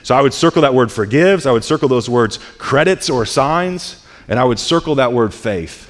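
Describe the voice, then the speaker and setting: A man preaching a sermon as pastor, earnest, often repeating words as he restarts, building to louder peaks. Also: mid-range voice, animated, moderate pace. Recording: long reverb of a church hall.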